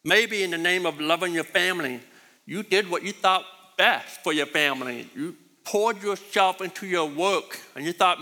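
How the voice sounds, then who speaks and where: A man's voice: high-pitched, normal speed, bright, forceful tone. A middle-aged man giving a sermon built around a personal story, with a distinctive voice that he himself calls bad, rambling and repeating words as he goes. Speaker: preacher. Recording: long hall reverb.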